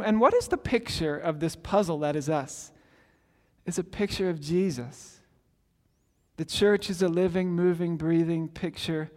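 A man's voice: sits high, in a large hall. A man in his forties preaching a sermon in a conversational, storytelling manner, often restarting his sentences. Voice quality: conversational, self-interrupting storyteller. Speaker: pastor.

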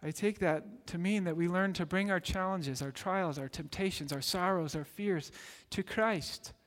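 A man preaching a sermon, telling a story earnestly and building to excited peaks. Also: high-pitched, a little slow. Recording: long hall reverb.

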